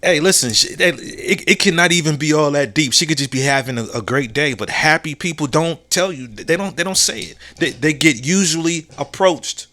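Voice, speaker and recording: A man's voice: on the high side, sharp tone. A man hosting his own podcast, talking casually and reflectively, repeating key phrases, using slang and often asking "you know what I'm saying?". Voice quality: laid-back, drawn-out phrasing with slang and restarts. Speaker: podcast host. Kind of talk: casual solo monologue.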